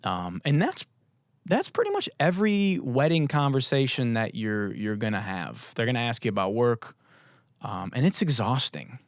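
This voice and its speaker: A young man hosting a casual solo podcast, hoarse with his voice mostly gone, rambling and swearing in a jokey way. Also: medium pitch, huge pitch swings, moderate pace, no echo, studio quality. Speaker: podcast host.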